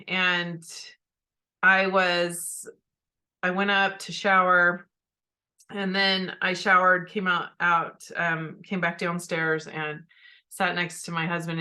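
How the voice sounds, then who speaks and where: A woman's voice: fairly low pitch, flat delivery, takes it slowly, bright, forceful tone. A middle-aged woman hosting a podcast, candidly telling a personal story and then coaching her listeners directly. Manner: candid, speaks straight to listeners. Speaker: podcast host.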